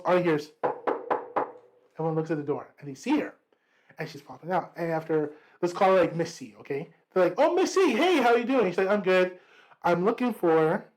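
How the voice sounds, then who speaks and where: A man co-hosting a podcast, telling a story in casual chat, lively and profane, acting out what people said. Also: fairly high pitch, rough recording. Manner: animated, profane, acts out quotes. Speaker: podcast co-host.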